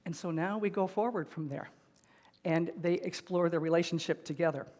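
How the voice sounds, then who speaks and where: A woman pastor preaching a sermon, retelling a film scene in an animated storytelling manner. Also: fairly low pitch, moderate pace, long reverb tail. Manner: animated, rising and falling in loudness.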